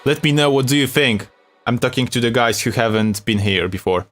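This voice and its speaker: A man's voice: mid-range voice, brisk, fairly bright tone, soft background music. A young man from Poland with a Polish accent, hosting a live beat-making stream in a loose, chatty way, reading chat aloud and laughing often. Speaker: beat-making livestream host.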